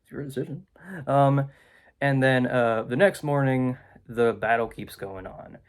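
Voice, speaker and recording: Dude ranting about a movie in his room, lots of ums, sarcastic, middle-pitched voice. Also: a little slow. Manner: sarcastic, filler-heavy with many ums. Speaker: movie reviewer. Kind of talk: rambling casual movie review. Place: indoors, room with a window.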